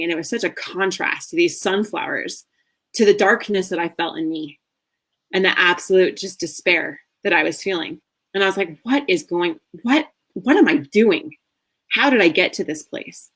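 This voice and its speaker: A woman in her thirties, a marriage coach, telling a candid personal story in a masterclass with earnest warmth and the odd soft laugh. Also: fairly low pitch. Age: 30s.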